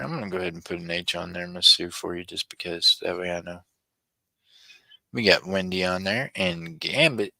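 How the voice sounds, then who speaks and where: A man's voice: on the low side, sharp tone, no room sound, rough recording. A middle-aged man, hosting a live-stream auction in a chatty way, reading viewer comments aloud and chuckling often. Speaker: livestream auction host. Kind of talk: casual live-stream chat.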